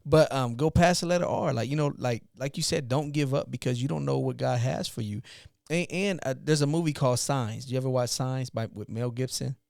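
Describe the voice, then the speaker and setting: A man with a mid-range voice tells a long story on a podcast, animated and rambling, often restarting his sentences. The sound is dry and close. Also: medium pitch, brisk, creaky, no echo. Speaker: podcast co-host, father, youth mentor. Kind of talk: casual storytelling.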